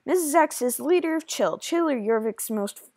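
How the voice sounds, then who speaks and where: A woman voicing a kind, secretive beekeeper woman in a game, speaking in a gentle, confiding way. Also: sits high, lively intonation, normal speed, dry recording, clean studio sound, pitched above the performer's own voice.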